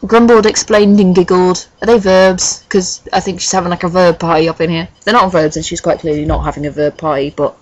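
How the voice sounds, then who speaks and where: A woman doing a comic dramatic reading of a fan fiction, breaking off for sarcastic, deadpan asides with swearing. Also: on the low side, brisk, few pauses, dry recording, poor audio. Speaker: reader and commentator of a fan fiction.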